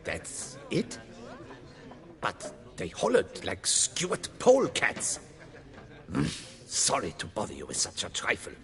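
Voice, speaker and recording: A man's voice: mid-range voice, huge pitch swings, slow, gravelly, pauses often, fairly bright tone, in a large hall, full character voice. An actor playing a cheerful, chatty male innkeeper in a video game, with a hearty, theatrical delivery. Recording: game audio with crowd chatter behind.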